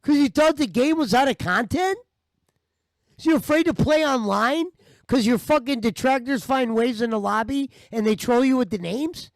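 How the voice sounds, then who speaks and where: A man with a strikingly high voice rants in heated, profane bursts, mocking the clips he reacts to. The sound is dry and close, with no room around it. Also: no room sound. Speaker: commentary host. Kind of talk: ranting commentary over stream clips.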